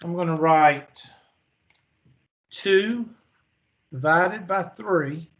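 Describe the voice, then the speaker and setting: This man's voice sits slightly higher than usual, and he talks very slowly over dull-sounding audio. He's a math instructor who lectures with folksy storytelling, asking questions and supplying the answers on his own.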